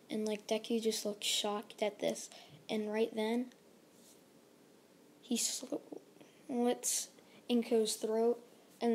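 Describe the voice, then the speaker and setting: A woman's voice: a little high, dark tone, slight background noise. A woman casually retelling a fan story, rambling along with lots of fillers.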